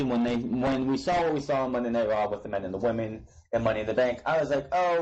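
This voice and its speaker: A man's voice: medium pitch, darkish tone, poor audio. A young man recapping wrestling shows in a casual, opinionated way, blunt and ranting, with frequent restarts and casual swearing. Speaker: wrestling show reviewer.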